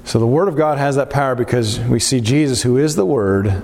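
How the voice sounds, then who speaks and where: A man's voice: mid-range voice, a little fast, darkish tone, big-room sound. A man leading a Bible study group, teaching earnestly and putting questions to the group.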